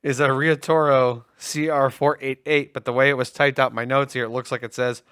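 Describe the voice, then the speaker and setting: A man's voice: mid-range voice, clear, resonant tone, no echo, studio quality. A man co-hosting a casual tech and gaming livestream, joking around and reading sales promos. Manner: joking, animated, reads promos quickly. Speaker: livestream co-host.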